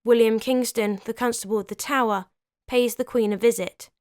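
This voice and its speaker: Woman, history storyteller, conversational narration, fairly high voice, dry close sound. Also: steady tone, normal speed, no room sound. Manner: conversational with chatty asides. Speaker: history video host.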